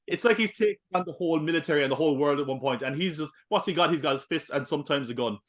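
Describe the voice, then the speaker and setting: Excitable Cork Irish man rambling. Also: on the high side, racing. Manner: excitable, rambling, swears, laughs a lot. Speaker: podcast co-host. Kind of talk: casual film review chat.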